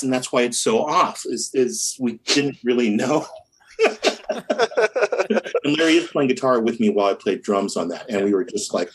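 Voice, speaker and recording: A man recounts studio mishaps in a loose, chatty interview. He talks in bursts, restarts sentences, laughs along with his own stories and hums drum patterns out loud. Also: medium pitch, normal speed. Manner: animated, laughing, hums rhythms, many restarts. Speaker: musician guest. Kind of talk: casual storytelling interview.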